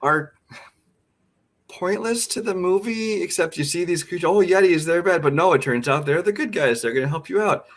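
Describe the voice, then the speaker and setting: A man co-hosting a movie podcast, offering measured, wry opinions and nudging his co-host along. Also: sits high, lively intonation, a bit bright. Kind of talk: casual movie review chat.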